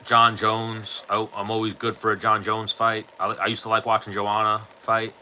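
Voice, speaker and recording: Host, thirties; lowish, piercingly bright voice, blunt and profane, faint hiss behind. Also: male voice, completely flat delivery, moderate pace, poor audio. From New York. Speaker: podcast host answering live chat. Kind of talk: casual chat.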